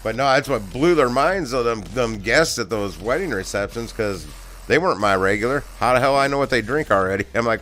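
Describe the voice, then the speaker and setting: A man's voice: medium pitch, expressive, brisk, fairly bright tone, a little hiss or hum. A middle-aged man casually telling stories on a live stream, rambling and profane, laughing often. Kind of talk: casual storytelling.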